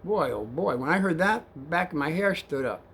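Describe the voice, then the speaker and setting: Soft-spoken rambling male storyteller. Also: on the high side, expressive, normal speed, creaky, a little hiss or hum. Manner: soft-spoken and rambling, addresses viewers as kids. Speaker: storyteller, former cab driver. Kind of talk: casual storytelling vlog.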